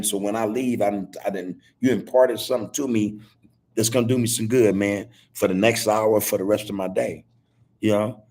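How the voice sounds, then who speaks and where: A man's voice: fairly low pitch, a little mellow. A middle-aged man hosting a podcast over a video call, talking in a loose, repetitive street style and saying "man" constantly. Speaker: podcast host. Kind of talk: casual heartfelt talk on a video call.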